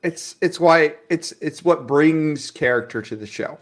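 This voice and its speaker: A man's voice: fairly high pitch, unhurried. A man co-hosting a podcast, trading dry, teasing remarks in casual banter. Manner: dry, teasing, profane asides. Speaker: podcast co-host.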